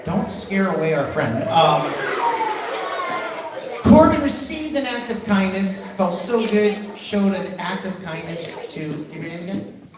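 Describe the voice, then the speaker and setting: A man telling stories to schoolchildren at an assembly, animated and playful, calling the kids his friends. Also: high voice, unhurried, heavy background noise. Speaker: children's musician speaking at a school assembly. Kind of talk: storytelling motivational talk to children. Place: school gym or auditorium with a crowd of kids. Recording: echoey hall from far off with crowd.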